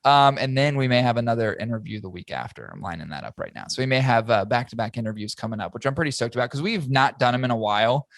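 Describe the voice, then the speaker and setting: A man's voice: mid-range voice, quick pace, few pauses, no room sound, clean studio sound. A man hosting a casual podcast chat, swearing freely and telling stories with lots of energy. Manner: profane, animated storytelling. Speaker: podcast host.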